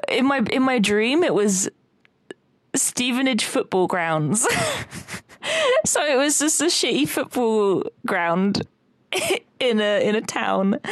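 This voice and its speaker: A woman chats through a long, meandering story, with frequent fillers and bursts of laughter. Her voice sits at an ordinary middle pitch. The recording is close and dry, with no room sound. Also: no room sound. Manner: rambling and animated, with many fillers and laughs. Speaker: podcast co-host recounting a dream. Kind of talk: casual chat.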